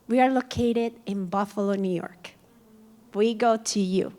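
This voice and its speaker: Animated Colombian-accented woman telling her story. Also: high voice, measured pace, a faint crowd. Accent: Colombian Spanish. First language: Spanish. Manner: animated, acting out quoted dialogue. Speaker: dance company founder. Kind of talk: personal story told to an audience. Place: museum event hall.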